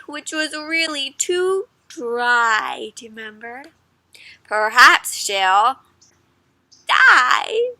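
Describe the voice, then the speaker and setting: Bright high-voiced woman reading to kids. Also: vocal fry, no room sound. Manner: teacherly, animated, asks the listener questions. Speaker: children's read-aloud host. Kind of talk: interactive children's read-aloud.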